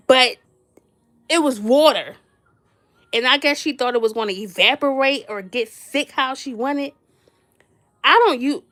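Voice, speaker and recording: A woman with a slightly high, somewhat bright voice tells a funny personal story in a slangy, chatty way. She speaks directly to her listeners, laughing often and teasing them playfully.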